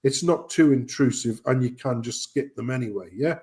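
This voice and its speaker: A man's voice: mid-range voice, moderate pace, dark tone. A man hosting a casual live chat, ranting and swearing. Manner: swearing, ranting, mimics voices. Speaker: host.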